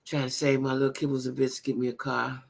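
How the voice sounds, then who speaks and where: A woman hosting a casual livestream chat, talking to her viewers in a blunt, animated and profane way, with repeated exclamations. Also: very deep voice, fast talker, creaky, slightly rough. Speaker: livestream host reading viewer comments.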